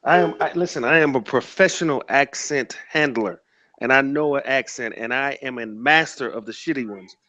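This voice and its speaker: A man's voice: medium pitch, moderate pace, sharp tone. A man with a mid-range voice who is sarcastic and insulting, delivering cutting jabs. He comes through a muffled, lo-fi online voice chat. His tone is openly mocking. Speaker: debate participant.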